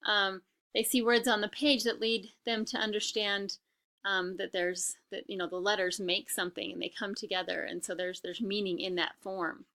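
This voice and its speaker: Bright-voiced woman giving a lecture. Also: medium pitch, flat delivery, moderate pace. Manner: frequent ums and restarts, explanatory. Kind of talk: recorded lecture.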